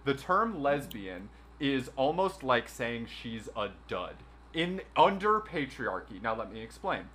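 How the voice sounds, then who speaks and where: Young man, livestream host, bright voice, restarts, joking, faint noise. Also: medium pitch, sing-song, measured pace, hardly any pauses. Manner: rambling with many restarts, joking. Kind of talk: casual livestream chat. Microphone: phone.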